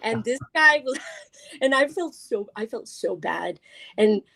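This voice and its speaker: A woman's voice: a little high, animated, measured pace, creaky, sharp tone, slight background noise. A young woman chats on a podcast as a guest, telling her stories with lots of energy. She laughs often and jumps into voices as she acts out the quotes. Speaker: guest scare actor. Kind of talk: casual podcast storytelling.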